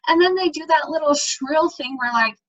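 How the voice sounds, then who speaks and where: A woman's voice: sits high, moderate pace, a bit bright. A young woman co-hosting a casual chat, jokey and giggling often. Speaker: podcast co-host. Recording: dull lo-fi recording.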